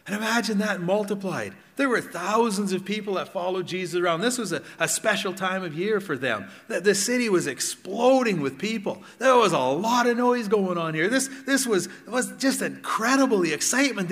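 Middle-aged pastor preaching, higher voice, chatty rhetorical questions, long hall reverb. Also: male voice, animated, moderate pace, hardly any pauses. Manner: conversational preaching, rhetorical questions, swings from loud to hushed. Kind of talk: sermon. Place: church hall.

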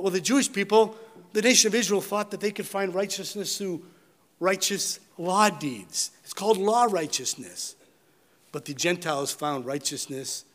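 A man preaching a sermon, rising to loud emphatic peaks and dropping to low, quiet words. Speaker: pastor.

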